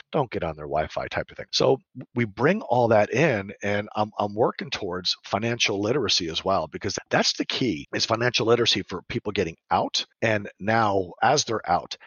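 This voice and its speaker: A man's voice: fairly low pitch, a bit bright, slightly rough, no room sound, dull audio. An older man, a veterans nonprofit leader, speaking earnestly and emphatically in an interview, telling stories with frequent restarts. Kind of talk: conversational interview.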